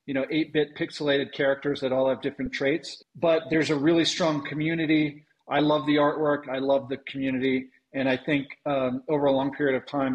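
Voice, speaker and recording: A man's voice: medium pitch, rough recording. Hesitant man with frequent ums. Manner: halting, many ums and restarts. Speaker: venture investor guest. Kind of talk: conversational interview answers.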